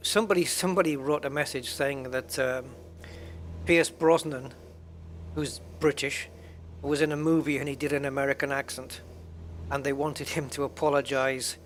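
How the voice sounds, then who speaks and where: Playing a flight simulator at home, this man keeps up loose, talkative commentary, restarting and drifting into asides. He speaks at medium pitch in a steady tone and moderate pace, over slight hiss or hum.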